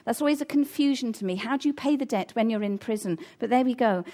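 A woman's voice: on the high side, quick pace, warm tone. A woman preaching a sermon in an earnest, conversational way, breaking off for casual asides.

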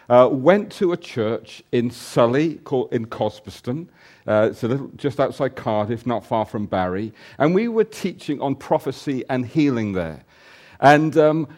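A man's voice: mid-range voice, a little mellow. A man leading a church service, introducing a visitor with light jokes and laughter. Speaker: pastor.

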